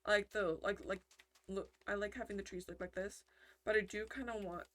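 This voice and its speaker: While playing a video game, a woman offers casual, chatty commentary at a fairly quick pace, frequently breaking off mid-thought. Her voice is medium-pitched and a bit bright, with fairly even intonation.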